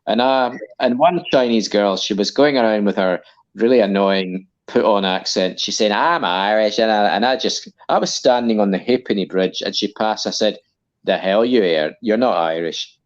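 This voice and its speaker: A man's voice: fairly low pitch, moderate pace, lo-fi sound. A man joining a casual livestream as a guest, telling long, rambling anecdotes. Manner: long-winded anecdotal storytelling. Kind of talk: casual live-stream chat.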